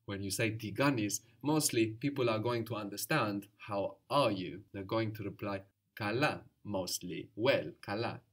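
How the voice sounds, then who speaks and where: Guy teaching a language class, patient, explains things slowly step by step. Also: lowish voice. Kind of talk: guided language lesson.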